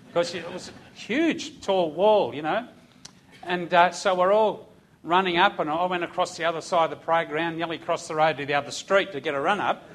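A middle-aged man preaching a sermon, telling a personal story in an animated way with chuckles. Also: a little high, a little fast.

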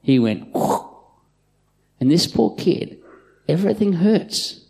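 A middle-aged man preaching a live sermon in a church, telling stories and swinging from loud calls to hushed asides. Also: sits high, very animated, measured pace, gravelly. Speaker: pastor. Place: church auditorium with congregation.

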